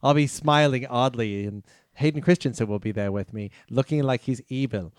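A man's voice: mid-range voice, normal speed, smooth, no echo, studio quality. A man in casual, joking chat who stammers, repeats words and laughs often.

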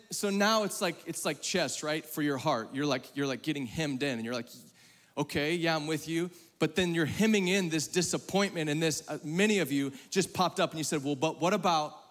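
Conversational preacher man in a reverberant hall. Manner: conversational, calls on the audience to raise hands; swings between loud emphatic bursts and hushed, low passages. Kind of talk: sermon to a live congregation. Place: large hall with a congregation.

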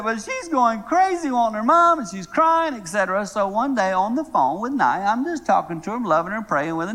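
A middle-aged man preaching a sermon, telling a humorous story in a lively way and then praying softly. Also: brisk, hardly any pauses. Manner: lively, humorous storyteller who drops to a soft, low tone to pray. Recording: long reverb of a large hall.

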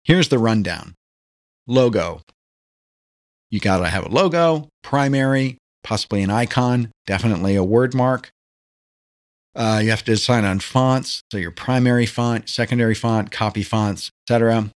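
A man hosting a solo podcast on branding, talking in a conversational, animated way and firing off rhetorical questions. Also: medium pitch, normal speed.

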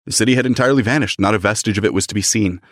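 A fairly low-voiced young man reads a classic novel aloud on a casual podcast, breaking off to joke about it. He jumps into animated voices for the characters. The sound is dry and close. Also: racing, no echo. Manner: reads passages aloud with lively voices, then jokes about them. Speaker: podcast co-host reading and discussing a book. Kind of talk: casual book podcast, reading aloud with commentary.

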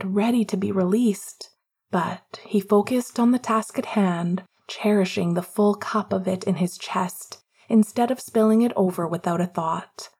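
Slow, hushed woman narrator. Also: mid-range voice, breathy edge. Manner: slow, hushed, often half-whispered. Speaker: audiobook narrator. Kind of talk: scripted romance narration.

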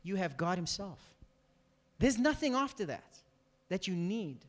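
A lively, high-voiced man preaching to a room, his pitch swinging up and down as he acts out the people in his story. He keeps checking in with the listeners. The sound carries a long reverb from the hall. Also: a little slow. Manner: animated, acts out quoted dialogue, asks the room questions. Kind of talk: sermon. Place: church hall.

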